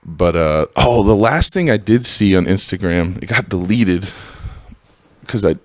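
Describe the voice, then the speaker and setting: A man hosting a podcast in a casual, heated monologue, swearing freely and swinging between loud outbursts and low mutters. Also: expressive, a little slow, no room sound, clean studio sound. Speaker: podcast host.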